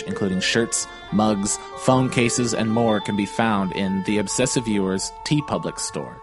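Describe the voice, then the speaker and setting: Man reading an outro over loud music. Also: fairly low pitch. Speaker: podcast announcer. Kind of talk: scripted outro read. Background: loud music bed.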